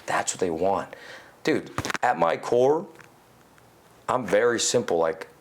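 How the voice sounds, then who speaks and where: A man talking as a podcast guest in casual conversation, animated and swearing casually, peppering his talk with "you know". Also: mid-range voice, takes it slowly, vocal fry, slight background noise. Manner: animated, acts out quoted inner voices.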